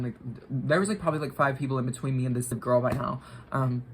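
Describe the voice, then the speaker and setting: A woman's voice: extremely low pitch, steady tone, fairly quick, a little hiss or hum, poor audio. A young woman vlogger telling a story while getting ready, rambling with lots of filler words and swearing.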